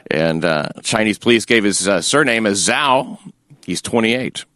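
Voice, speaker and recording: A man's voice: fairly low pitch, animated, unhurried, a bit bright, no echo. A man hosting a podcast, running through news stories with crude, mocking jokes and plenty of filler words. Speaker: podcast host. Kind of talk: crude comedic news talk.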